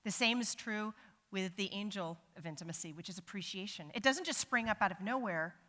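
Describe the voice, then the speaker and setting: A middle-aged woman preaching with a bright, sharp voice, lively and humorous as she acts out the voices she quotes. Her words ring out in a large church sanctuary with a long trailing reverb. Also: mid-range voice, a little fast. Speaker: church speaker. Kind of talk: sermon.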